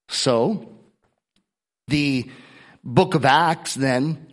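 A man's voice: on the high side, a bit bright. A middle-aged man pastor preaching a sermon, earnest, often repeating words and coughing between phrases.

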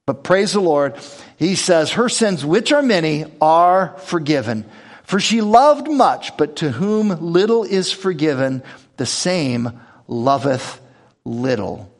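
A man's voice: on the high side, very animated, a little slow. A man preaching a sermon, reading scripture aloud and explaining it in a conversational way with rhetorical questions. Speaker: pastor.

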